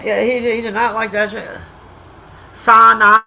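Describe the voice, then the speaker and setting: A woman's voice: a little high, fairly even intonation, vocal fry, bright, forceful tone, a little hiss or hum, rough recording. A woman on a casual livestream, rambling bluntly about a movie, swearing freely and teasing her silent chat. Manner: profane, blunt trash-talking, teasing the chat; rambling with restarts and drawn-out asides.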